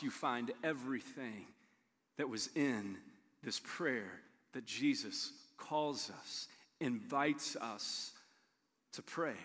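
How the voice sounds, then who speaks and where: Earnest preacher man in a reverberant hall. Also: medium pitch. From Illinois, USA. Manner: earnest, shifts between quick storytelling and soft hushed emphasis. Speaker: pastor. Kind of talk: sermon.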